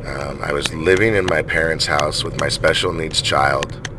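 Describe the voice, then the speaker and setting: A man's voice: extremely low pitch, fairly even intonation, normal speed, noisy background. A middle-aged man telling a personal story in a rambling vlog monologue, full of restarts and fillers. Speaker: vlogger.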